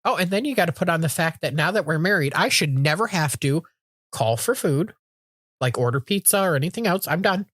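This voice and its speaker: A middle-aged woman with a lowish, slightly rough voice co-hosts a podcast, speaking a little fast as she tells stories in casual chat. She acts out quotes animatedly and swears frequently. The recording is dry and studio quality.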